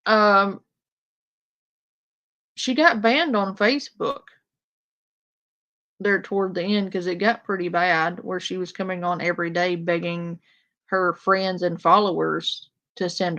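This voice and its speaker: A woman holds forth to her live chat in a slow, deliberate way, blunt and openly confrontational. Her audio is dull and lo-fi, as if from a cheap mic. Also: lowish voice, fairly even intonation, a bit bright. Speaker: commentary streamer. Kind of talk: casual live-stream commentary.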